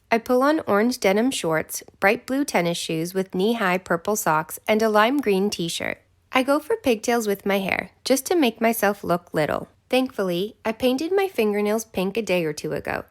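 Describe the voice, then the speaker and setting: A woman narrating a romance audiobook in the first person, with a breathless, intimate delivery. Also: medium pitch.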